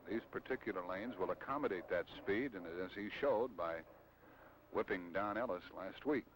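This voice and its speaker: Upbeat old-time TV bowling emcee. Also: male voice, fairly low pitch, moderate pace. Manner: upbeat announcer, then calm play-by-play. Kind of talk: TV sports commentary. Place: bowling alley. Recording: noisy old TV broadcast.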